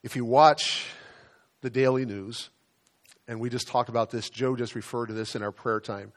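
Man, pastor giving a chatty sermon, mid-pitched voice, repeats words, slows down for emphasis. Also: fairly even intonation. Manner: conversational, slows down to stress key phrases, repeats words.

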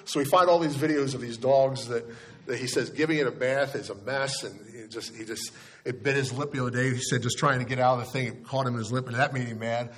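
Husky-voiced male pastor preaching. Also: medium pitch, steady tone, a little fast, fairly bright tone. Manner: storytelling, conversational, many restarts. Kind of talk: sermon.

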